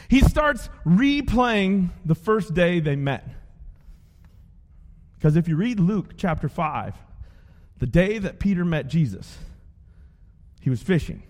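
A man preaching a sermon as pastor, telling stories with playful voices for the people in them. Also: sits high. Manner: animated storytelling with playful character voices. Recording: long hall reverb.

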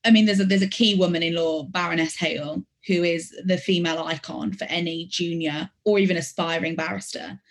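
A woman's voice: lowish voice, fairly even intonation, fairly quick, hardly any pauses. A woman in her late twenties from Birmingham, with a faint Birmingham accent, giving earnest, reflective interview answers as a barrister and sometimes correcting herself mid-sentence. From Birmingham, England. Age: late 20s. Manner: earnest, reflective, with some self-correcting restarts. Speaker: barrister, podcast guest.

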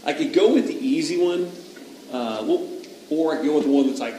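A man who is a father, telling a childhood story in a casual, animated way on a podcast, often laughing. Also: on the high side, brisk. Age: adult father. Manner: animated, laughing, rises to loud retellings. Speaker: podcast speaker. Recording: roomy, distant mic with faint background noise.

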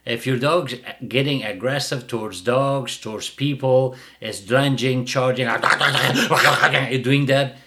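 A man's voice: mid-range voice, a bit bright. A middle-aged man who hosts a dog-training show and delivers a blunt, mocking casual rant. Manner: blunt, mocking, bursts of laughter.

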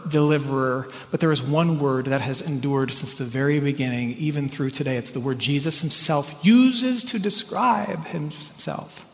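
A man preaching a sermon as pastor, earnest and emphatic, sometimes rising in pitch and sometimes dropping to a hush. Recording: church hall reverb.

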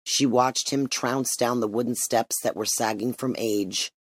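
A man reading a dark short story aloud as narrator, in steady, measured storytelling. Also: mid-range voice, no echo. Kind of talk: audiobook narration.

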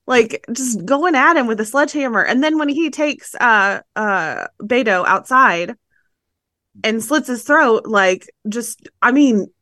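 A woman co-hosting a podcast, talking excitably in casual chat, laughing often and swearing freely. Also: a little high, unhurried, dry recording, studio quality. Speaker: podcast co-host.

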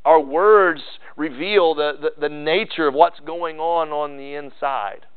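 Guy preaching a sermon, kinda high voice, tinny phone-like sound, lots of restarts. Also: unhurried, clean tone. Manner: earnest preaching with many restarts and repeated words. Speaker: pastor.

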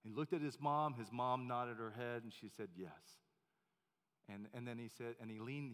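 Male pastor, chatty sermon delivery full of fillers, average pitch, echoing sanctuary sound. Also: normal speed, a bit bright. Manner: conversational with many fillers and restarts. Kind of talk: sermon storytelling. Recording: long hall reverb.

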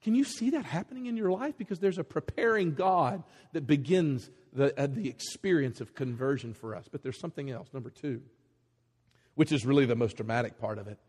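Husky-voiced man preaching in a reverberant hall. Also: a little high, brisk. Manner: animated storytelling, acting out voices in quotes. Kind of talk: sermon.

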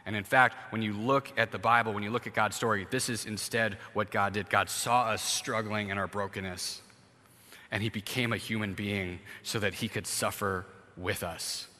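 A male pastor delivers a conversational sermon, sketching everyday scenes to make his points. His voice is bright and forceful. It rings out with a long reverb from a church hall. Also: on the low side, steady tone, moderate pace.

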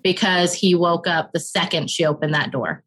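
A woman in her thirties with a bright, forceful voice shares a raw personal story as a guest. She speaks earnestly and openly, and her words tumble out faster when things get hard. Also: fairly low pitch, a little hiss or hum, low-quality recording. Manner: earnest and open, rushes through emotional parts. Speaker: podcast guest.

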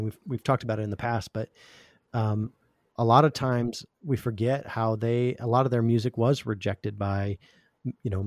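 A man's voice: fairly low pitch, dry recording, clean studio sound. A man hosting a music podcast in casual chat, earnest and thoughtful, often restarting his phrases. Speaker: podcast host.

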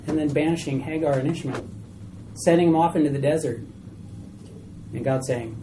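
A woman teaching a small Bible study group in a chatty, animated way, asking questions of the class. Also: low-pitched, normal speed, long pauses, noisy background.

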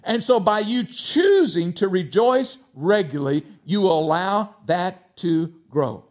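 High-voiced pastor with a slight Texas twang. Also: male voice, lively intonation, unhurried. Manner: emphatic, swings between loud exhortation and soft asides to the congregation. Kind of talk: sermon.

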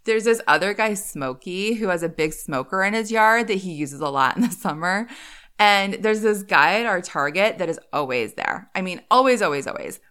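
A woman's voice: mid-range voice, lively intonation, moderate pace, fairly bright tone, clean tone. A woman hosting her own podcast, telling chatty stories in a casual monologue and laughing often. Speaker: podcast host.

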